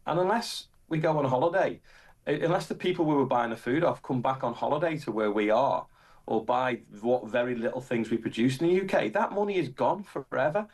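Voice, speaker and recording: A British man, a farmer, talking as an interview guest, exasperated and halting with frequent restarts. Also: mid-range voice, lively intonation, darkish tone. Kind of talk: casual interview conversation.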